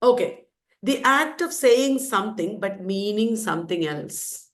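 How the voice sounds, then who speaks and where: Woman quizzing students in a slow lecture. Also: medium pitch, expressive. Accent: Indian English. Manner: quizzing students, repeating answers slowly and emphatically. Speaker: teacher.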